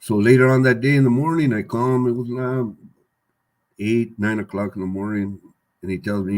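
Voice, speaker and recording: A man's voice: mid-range voice, steady tone, normal speed, a little mellow. An older man, a guest on an interview show, telling his story candidly in streetwise slang, repeating himself and swearing freely. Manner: rambling, repeats words and phrases, swears freely.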